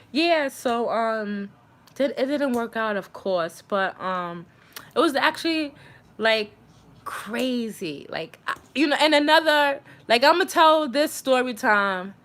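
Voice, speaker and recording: Animated young woman telling stories on a live. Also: fairly high pitch. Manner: animated, acts out quoted voices. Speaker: livestream host. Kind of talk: casual livestream storytelling.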